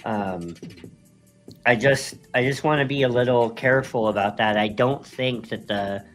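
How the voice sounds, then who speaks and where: A man's voice: mid-range voice, moderate pace, fairly bright tone. Guy cohosting a live stream, rambly, trips over his words, bit of music behind. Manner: rambling, many restarts, laughs often. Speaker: co-host. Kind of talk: casual live-stream chat.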